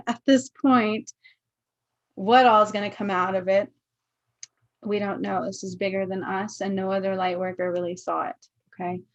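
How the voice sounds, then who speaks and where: A spiritual card reader with a medium-pitched voice gives a casual livestream reading on a rough recording with no echo. She's earnest and keeps checking in with her viewers, asking "okay?" often.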